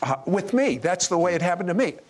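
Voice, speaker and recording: A man's voice: high voice, big pitch swings, quick pace. A man interviewing a guest, asking questions emphatically.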